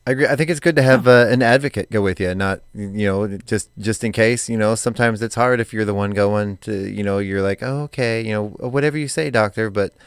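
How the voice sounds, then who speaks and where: A man's voice: on the low side, steady tone, a little fast, hardly any pauses, smooth, no echo. A man co-hosting a morning radio show, reading daily items with chatty asides in a studio. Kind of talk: casual radio chat. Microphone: studio mic.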